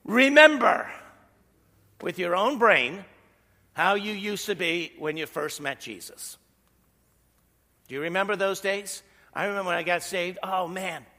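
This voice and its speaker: A man's voice: a little high, bright, forceful tone, big-room sound. A middle-aged man preaching a sermon as pastor, in a conversational way that leans on rhetorical questions.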